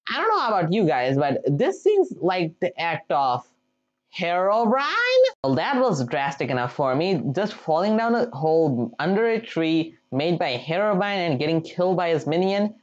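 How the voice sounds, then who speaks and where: A gameplay commentator talks through a game with a bouncy, lively voice that swoops up and down. The delivery is casual and jumpy, quick to break into startled exclamations. The sound is dull and lo-fi, like a cheap home mic. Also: medium pitch. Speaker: gameplay video creator.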